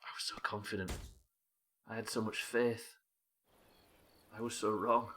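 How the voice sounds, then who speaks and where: A young man streaming a building game live, commenting as he plays and bantering with viewers in an animated, sweary, self-mocking way. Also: lowish voice, unhurried, a little hiss or hum.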